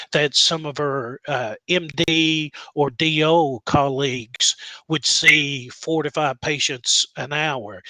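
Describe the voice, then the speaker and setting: A man, a nurse practitioner student, giving measured, earnest interview answers with frequent pauses and fillers. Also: on the high side, sharp tone, no room sound, low-quality recording.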